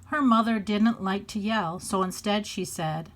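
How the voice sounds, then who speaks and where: A woman reading a children's picture book aloud with a slow, deliberate delivery and expressive pauses. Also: medium pitch. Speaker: storybook reader.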